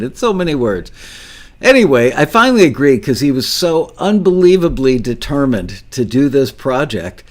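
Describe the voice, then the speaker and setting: A man's voice: medium pitch, animated, normal speed. Older man hosting a rambling chat. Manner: rambling, self-deprecating, laughs often. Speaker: podcast host. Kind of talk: casual storytelling interview.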